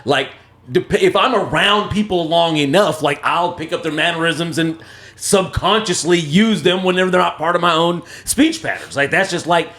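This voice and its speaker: A man from East Texas with a fairly high voice, telling stories in a loose, rambling way during a casual podcast chat. The recording picks up a lot of echo from the room. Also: normal speed. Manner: relaxed storytelling, loose and rambling. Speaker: podcast co-host. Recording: echoey room.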